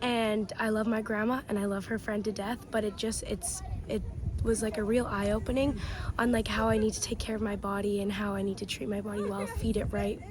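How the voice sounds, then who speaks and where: A woman's voice: medium pitch, flat delivery, brisk, crowd noise, rough recording. A young woman chatting to the camera as she vlogs a hike, sometimes out of breath on the climb. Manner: chatty, talks straight to the camera. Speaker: travel vlogger. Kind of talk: casual vlog narration while hiking. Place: outdoors on a windy mountain trail. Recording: loud wind noise on the phone mic.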